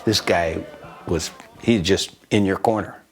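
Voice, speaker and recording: A man in his sixties, a composer recounting a studio session in an animated, rambling way. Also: sits low, a little slow. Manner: animated storyteller, full of "you know" and "man". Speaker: composer telling a story. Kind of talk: anecdotal interview.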